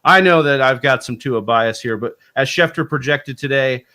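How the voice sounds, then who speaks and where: A man's voice: medium pitch, moderate pace, bright, forceful tone. A man hosting a live fantasy football stream, reading viewer questions and steering the talk. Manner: reads viewer questions, moderates. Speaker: host. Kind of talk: casual live-stream chat.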